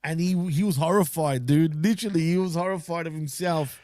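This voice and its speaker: A man's voice: fairly high pitch, a little fast, a little mellow. A man co-hosting a casual wrestling podcast, blunt and opinionated in his takes. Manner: blunt, opinionated, laughs along. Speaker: podcast co-host. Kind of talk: casual wrestling recap chat.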